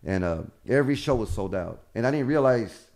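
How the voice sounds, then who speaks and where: A man's voice: medium pitch, a little fast. A man who is a comedian telling stories in a casual chat, acting out the people he quotes and swearing freely. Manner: animated storyteller, acts out quotes, swears freely. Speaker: comedian guest.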